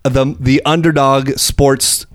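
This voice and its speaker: A man's voice: mid-range voice, level tone, slow pace, dry recording, studio quality. A man co-hosting a casual podcast, ranting critically about a movie and swearing freely. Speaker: podcast co-host.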